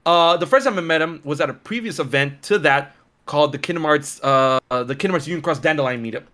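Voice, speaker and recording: A young man telling a story in a casual chat, excitable and slangy, with many restarts. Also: a little high, quick pace.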